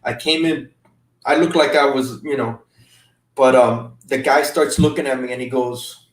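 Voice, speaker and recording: A man as a guest, recounting an emotional trip in halting casual talk with many restarts. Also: mid-range voice, steady tone. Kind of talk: casual storytelling. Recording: roomy sound from a distant mic.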